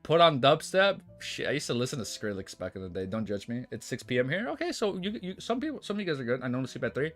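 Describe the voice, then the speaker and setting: A man's voice: mid-range voice, very animated, quick pace, hardly any pauses, fairly bright tone. A young man streaming, chatting casually and rambling with lots of swearing and restarts, faint music playing behind him. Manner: rambling, swears a lot, restarts and self-corrects. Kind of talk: casual livestream chat.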